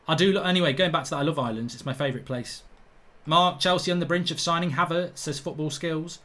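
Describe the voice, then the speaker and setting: A middle-aged man from England, slightly high-pitched, hosts a live football watchalong. He reads out viewer comments and talks bluntly and colloquially, ranting with indignation about bad refereeing decisions. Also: fast talker, bright, forceful tone.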